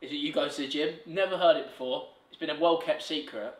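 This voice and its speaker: A man's voice: fairly high pitch, echoey room. A man in his twenties presenting a gaming video, teasing his friends in playful banter. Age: 20s. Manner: teasing, quick-witted and playful. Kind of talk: casual banter over video games.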